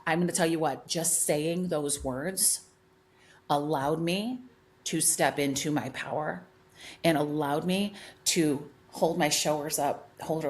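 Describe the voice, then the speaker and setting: Emphatic middle-aged woman storyteller. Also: low voice. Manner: emphatic storyteller, many restarts and repeats. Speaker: guest hairdresser and educator. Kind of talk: animated podcast conversation.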